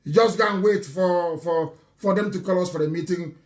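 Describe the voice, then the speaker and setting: Man with a high voice, fiery movement leader addressing followers live, scornful and loud at times. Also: normal speed. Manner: impassioned, mocking, with bursts of shouting and laughter; restarts and repeats words.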